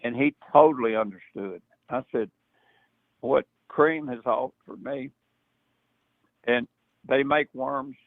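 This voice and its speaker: An older man telling animated stories in casual talk, doing quick high-pitched impressions of other people. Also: creaky, no echo. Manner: animated storyteller, imitates others in a high excited voice. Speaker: guest. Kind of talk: storytelling in casual chat. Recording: dry tinny phone-like line.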